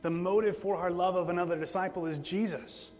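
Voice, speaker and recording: Male preacher, somewhat high voice, casual sermon delivery, long reverb with faint hum. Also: steady tone, fairly quick, a little mellow. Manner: conversational, repeats words for emphasis.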